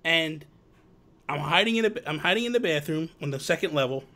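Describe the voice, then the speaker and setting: Lively, animated man telling stories. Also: a little high, a little fast. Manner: animated storyteller, acts out quotes. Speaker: host. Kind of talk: casual chat.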